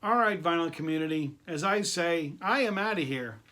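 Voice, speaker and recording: A man's voice: fairly high pitch, expressive, moderate pace, noisy background. A man hosting his own collector video channel, chatting casually and enthusiastically to camera, repeating himself and laughing often.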